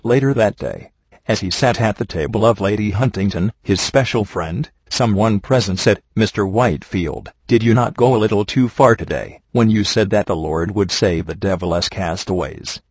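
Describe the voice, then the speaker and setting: A man with a somewhat low voice reads a sermon aloud, his tone husky. He keeps a steady, earnest preaching cadence. The sound is dry and close. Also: moderate pace, no room sound. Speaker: reader of a sermon.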